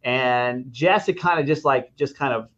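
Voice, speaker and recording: A man's voice: medium pitch, a little slow, fairly bright tone. A male radio host telling stories in a casual, easygoing way, adding wry asides. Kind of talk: casual storytelling chat. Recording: dull lo-fi sound.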